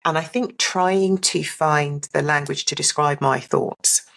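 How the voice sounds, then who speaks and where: A woman's voice: low voice, unhurried, vocal fry. A woman giving a candid, reflective personal account as a podcast guest. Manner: reflective and open, mimics others in a brighter voice.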